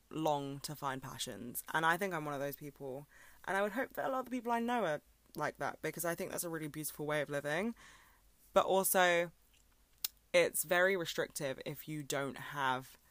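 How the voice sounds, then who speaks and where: A woman's voice: low voice, a bit bright, no room sound. A young woman hosting a solo podcast, talking candidly and a little rambling, with fillers. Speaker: podcast host. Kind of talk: reflective solo podcast talk.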